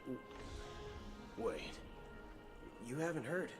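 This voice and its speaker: A man's voice: mid-range voice, sing-song, slow. A man voicing a wary cowboy traveler in a game, with a subtle Southern US drawl and an easygoing delivery over game music. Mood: probing. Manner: easygoing, with a light drawl on some words. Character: wary male cowboy traveler asking about rumors. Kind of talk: game voice acting.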